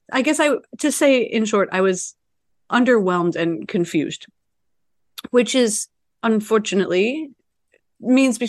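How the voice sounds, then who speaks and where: Middle-aged woman, low-ish voice, chatty storyteller, dry close sound, lots of "you know". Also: no echo. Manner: chatty, many "you know"s, laughs between lines, acts out quotes. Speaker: Reiki practitioner telling her story. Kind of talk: casual storytelling.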